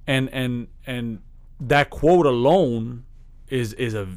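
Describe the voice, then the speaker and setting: A man's voice: medium pitch, slow pace, darkish tone. A man co-hosting a podcast, telling a story in rambling casual chat with many restarts. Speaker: podcast co-host.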